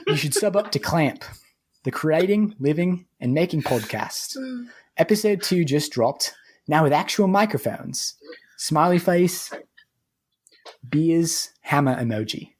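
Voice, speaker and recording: A man's voice: fairly high pitch, expressive, measured pace. A man putting on an Australian accent to voice a male podcast reviewer, biting down hard on each word. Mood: hammy. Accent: put-on Australian.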